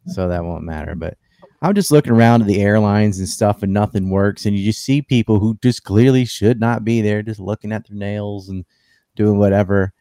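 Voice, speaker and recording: A man's voice: on the low side, moderate pace, dark tone, dry recording, studio quality. A man hosting a casual political chat, blunt and sardonic, often breaking into mocking impressions.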